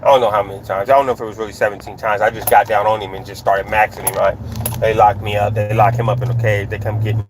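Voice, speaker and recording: A man in casual, slangy storytelling, animated and full of restarts, recorded outdoors near traffic. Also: fairly low pitch, fast, rough recording. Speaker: storyteller recounting prison life.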